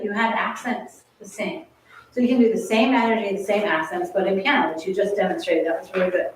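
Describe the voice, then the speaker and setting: A woman's voice: mid-range voice, brisk, a little hiss or hum. Woman coaching, singing phrases in echoey room. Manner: encouraging, sings phrases on syllables. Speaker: masterclass coach. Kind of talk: coaching a chamber ensemble. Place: large echoey rehearsal room. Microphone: far camera mic. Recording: very echoey room, distant mic.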